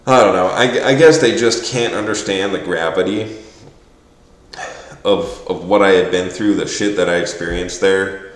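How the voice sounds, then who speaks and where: Casting: fairly low-voiced man, rambling and profane, exasperated vlog rant, echoey room. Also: normal speed. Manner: quotes others in mocking voices. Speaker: vlogger. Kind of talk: casual rant to camera.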